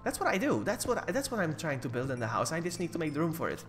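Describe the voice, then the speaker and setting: A man's voice: fairly high pitch, big pitch swings, fast talker, a bit bright, soft background music. A man co-hosting a game livestream, chatting casually, laughing a lot and yelping when startled. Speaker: co-host playing along. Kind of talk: casual live gameplay chat.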